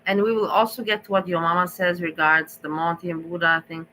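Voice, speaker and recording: Chatty livestreaming woman, bright voice. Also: fairly low pitch, little pitch movement, fairly quick, a little hiss or hum, low-quality recording. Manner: chatty, mocking, exasperated rants. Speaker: livestream host. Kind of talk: casual chat with live chat viewers.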